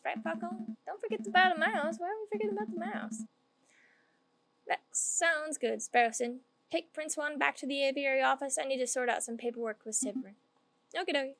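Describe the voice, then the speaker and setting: A woman's voice: sits high, fairly bright tone, poor audio. A woman streaming a game, reading the characters' lines aloud in playful put-on voices and joking between them. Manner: joking asides.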